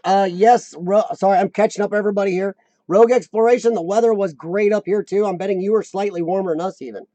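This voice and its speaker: A man hosting a casual live chat, rambling and answering viewers, his voice a little rough from lung trouble. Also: sits high, steady tone, fast, mellow, dry recording. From United States. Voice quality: slightly rough voice from lung problems. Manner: rambling, chatty, laughs often, answers viewers by name. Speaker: livestream host.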